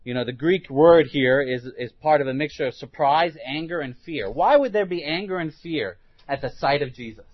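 A man's voice: fairly high pitch, expressive, moderate pace, few pauses, dry recording. Male preacher mid-sermon, questions the congregation, dry, slightly dull recording. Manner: asks the listeners many rhetorical questions; restarts and repeats words while thinking aloud.

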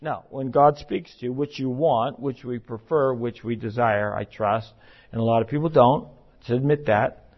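A man with a mid-range voice preaches a sermon at a moderate pace, emphatic yet conversational, occasionally acting out the voices he quotes. The recording is muffled and lo-fi.

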